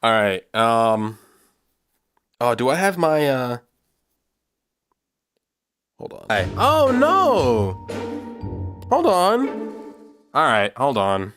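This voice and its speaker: A man talks his way through a livestream, rambling and thinking aloud as he works. His voice swings freely up and down, sitting in a middle pitch, with faint music playing underneath. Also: lively intonation, slow, pauses often, a bit bright, smooth. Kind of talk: casual livestream chat while coding.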